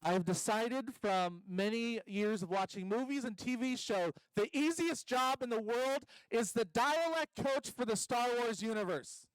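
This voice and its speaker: A man's voice: extremely high pitch, measured pace, hardly any pauses, smooth, dry recording, poor audio. A man doing a stand-up comedy set at a convention stage, rambling and self-deprecating, full of ums and restarts.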